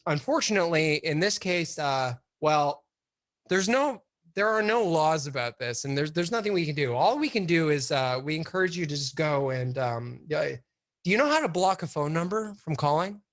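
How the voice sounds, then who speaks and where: A man's voice: fairly high pitch, sing-song, fairly bright tone, voice pushed down. A man acting out a weary, polite male police officer who hesitates with many ums. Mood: awkward. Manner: hesitant, halting, full of ums and uhs.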